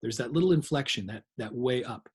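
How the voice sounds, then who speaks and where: Husky-voiced man teaching a training lecture. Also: mid-range voice, a little fast, darkish tone. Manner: conversational, explains with examples and asides.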